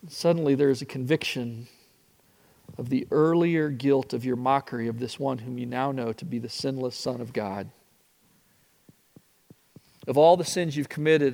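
A man preaching a sermon that retells a story in the second person, earnest and swinging from hushed passages to impassioned ones. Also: mid-range voice, vocal fry. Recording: long hall reverb.

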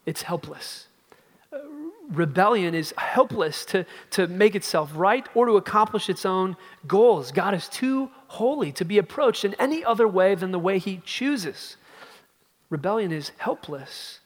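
A man preaching a sermon as a pastor, emphatic and dramatic, with his voice swinging from loud outbursts to hushed low passages. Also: animated, unhurried, in a large hall.

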